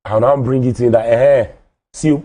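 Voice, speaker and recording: A man with a Nigerian accent on a studio panel show, speaking in a measured way and repeating his key points. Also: mid-range voice, fairly even intonation, warm tone.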